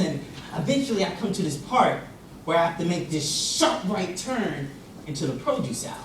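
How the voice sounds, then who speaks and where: A young man delivering a comic contest speech on stage, his pitch leaping around as he tells the story. He sounds distant from the mic in a very echoey hall. A live audience murmurs behind him. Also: a little fast, slight background noise. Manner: animated storytelling, acts out voices. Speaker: contest speaker.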